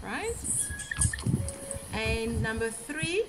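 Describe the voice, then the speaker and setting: Woman English teacher, very slow and careful, lively pitch, frequent laughter. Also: heavy background noise. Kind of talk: live beginner English lesson.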